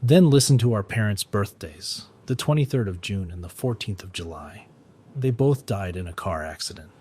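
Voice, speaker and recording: A man's voice: on the low side, animated, moderate pace, dark tone, breathy edge. A man voicing an earnest teenage boy in a storybook recap, pleading and eager to convince. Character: earnest anxious teenage boy, younger brother.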